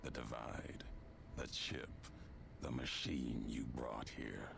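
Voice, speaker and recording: Ulysses, a very deep, gravelly avenger. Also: male voice, little pitch movement, heavy background noise, exaggerated voice. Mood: grim. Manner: slow, solemn, cryptic speech. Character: grim, brooding man bent on vengeance. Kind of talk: video game dialogue.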